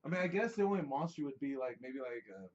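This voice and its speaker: Lively up and down guy co-hosting, quippy, dull lo-fi audio with faint hiss. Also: medium pitch, quick pace, distant mic. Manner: playful, quips and drops catchphrases. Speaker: podcast co-host. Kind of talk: casual chat.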